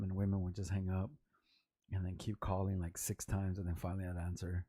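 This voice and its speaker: A man's voice: on the low side, moderate pace, dry recording. A middle-aged man from Los Angeles hosting a vlog, telling rambling, slangy stories with restarts and quoted voices. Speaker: vlog host, rapper. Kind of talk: casual storytelling vlog.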